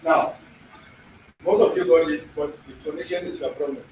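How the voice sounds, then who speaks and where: A man's voice: on the high side, moderate pace, darkish tone. A man teaching a language lesson in a classroom, repeating himself and often checking that the class is following. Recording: echoey room, distant mic, faint noise.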